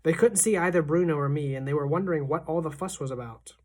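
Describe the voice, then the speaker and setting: A woman teacher reads a children's novel aloud to her class. Her narration is steady and expressive. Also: low voice, fast talker.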